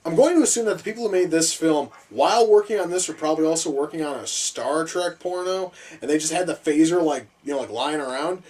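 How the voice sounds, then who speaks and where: A man reviewing movies in a profane, sarcastic rant, swinging from mutters to high-pitched outbursts of disbelief. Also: fast, few pauses, a little mellow, slightly rough, poor audio. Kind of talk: profane reaction commentary.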